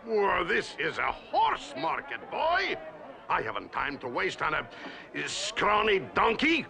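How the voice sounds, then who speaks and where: A pompous cartoon auctioneer who hawks his animals with booming salesman patter and mocking laughs. The voice is high, gravelly and swoops wildly, with a drawn-out delivery. A crowd murmurs behind. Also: sing-song, heavily acted. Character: pompous jolly male horse auctioneer, scornful. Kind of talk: animated film voice acting.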